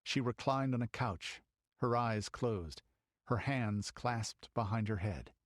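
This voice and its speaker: A man's voice: medium pitch, slow pace, no echo, studio quality. A man reading an audiobook in dramatic storytelling narration. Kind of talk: scripted narration.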